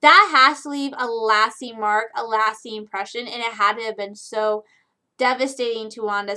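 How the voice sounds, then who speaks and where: A young woman from Michigan, talking chattily and excitably in a casual recap vlog, with frequent restarts. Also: a little high, normal speed, clear, resonant tone. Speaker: vlogger.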